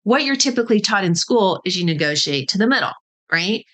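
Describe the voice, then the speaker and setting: A woman's voice: mid-range voice, expressive, fairly quick, fairly bright tone. A woman hosting a business podcast, explaining ideas in a casual teaching talk and often checking in with "right?" and "okay?". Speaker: podcast host.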